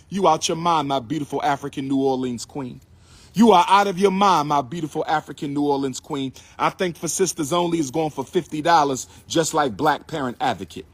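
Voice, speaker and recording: With a fairly high, slightly rough voice and no room sound, a man hosts a live stream as a lecturer. He preaches at his viewers repetitively and urges them to respond.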